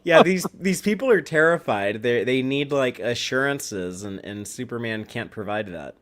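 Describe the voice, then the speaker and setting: Lively-voiced man chiming in on podcast. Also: medium pitch. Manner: brief agreeing replies, quick laughs. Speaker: podcast co-host. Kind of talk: casual comic book discussion.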